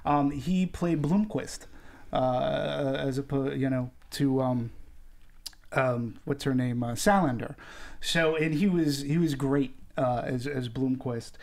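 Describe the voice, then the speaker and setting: A man's voice: mid-range voice, slow, creaky, a little mellow. A man co-hosting a casual film discussion panel, talking in a rambling way with lots of fillers. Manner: chatty, rambling with many fillers and laughs.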